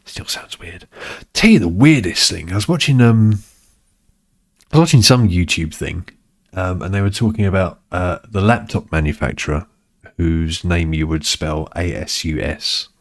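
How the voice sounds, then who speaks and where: A man's voice: sits low, normal speed. A middle-aged British man chatting casually while streaming a game, rambling and swearing in mock exasperation. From United Kingdom. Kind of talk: casual chat while gaming.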